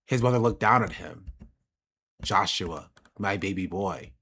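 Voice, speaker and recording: Dude imitating a boring monotone audiobook guy, low and flat, zero emotion. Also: unhurried, husky, heavily acted. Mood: droning. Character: droning monotone male audiobook narrator.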